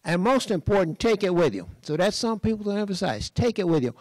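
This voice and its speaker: An older man from Western Massachusetts giving a lively, folksy storytelling talk on stage, often clearing his throat. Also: high-pitched, a little fast, no echo, low-quality recording. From Western Massachusetts, USA. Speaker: speaker at a design college talk. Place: lecture stage.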